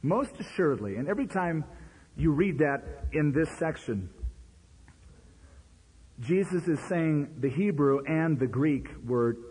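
A man preaching a sermon, his voice husky and strained. His pitch leaps up and drops back down as he talks. Everything rings with a long hall echo. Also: a little slow, long pauses. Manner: animated, conversational preaching with sudden pitch jumps. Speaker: pastor.

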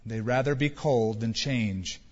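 A man voicing a calm, gentle stranger. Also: mid-range voice, pitched below the performer's own voice, close to an everyday voice. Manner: gentle, inviting, slow storytelling. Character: calm male stranger who brings fire. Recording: reverberant hall, dull sound.

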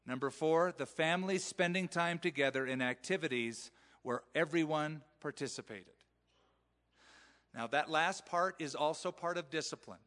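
Bright-voiced preacher in a reverberant hall. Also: male voice, a little high, moderate pace. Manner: conversational preaching, acting out quoted parents. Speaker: pastor. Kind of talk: sermon. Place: church sanctuary.

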